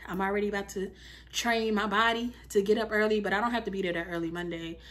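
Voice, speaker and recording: A woman in her thirties chatting casually in a home vlog, animated and talkative, full of fillers like "like" and "you feel me". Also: medium pitch, fast talker. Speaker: lifestyle vlogger.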